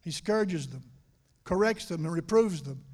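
A middle-aged man preaching a sermon to a congregation in church. He keeps asking them questions and swings from quiet, confiding talk to loud emphasis. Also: on the high side, lively intonation, unhurried. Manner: conversational, asks the congregation questions. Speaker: pastor. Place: church sanctuary.

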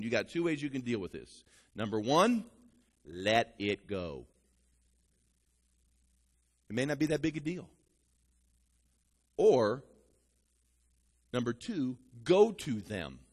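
A male pastor preaching an animated sermon, talking straight to his congregation. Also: fairly high pitch, big-room sound.

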